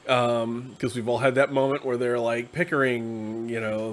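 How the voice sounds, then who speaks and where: A man's voice: mid-range voice, a little hiss or hum. Tired man rambling casually as host. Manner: conversational, acts out quick quoted asides. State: tired, yawning. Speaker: host discussing a tabletop game class.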